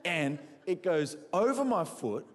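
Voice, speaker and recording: A man's voice: high-pitched, slow. An Australian man preaching and telling funny stories, asking the crowd questions and poking fun at himself. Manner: animated, quizzes the crowd, self-mocking. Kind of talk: humorous sermon storytelling. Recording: echoey hall.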